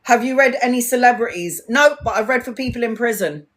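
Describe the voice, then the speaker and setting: A woman tarot reader chatting casually on a live stream, an animated storyteller who swears freely and acts out what others said. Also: on the high side, brisk, a little hiss or hum.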